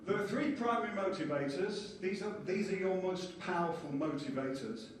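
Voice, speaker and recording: A man giving a lively conference lecture and explaining ideas with small acted-out scenes. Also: sits high, normal speed, slight background noise. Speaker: conference speaker. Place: conference hall. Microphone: distant from the mic. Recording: echoey hall from far off, faint ambience.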